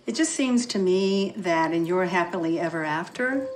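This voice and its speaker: An actress playing a calm, gently probing middle-aged mother in a romance film. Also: lowish voice, normal speed, music in the background, close to an everyday voice. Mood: gentle. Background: film score.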